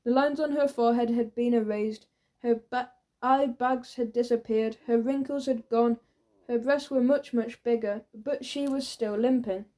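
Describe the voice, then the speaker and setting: A woman narrating a children's audiobook with lively storytelling. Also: a little high, unhurried. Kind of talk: scripted narration.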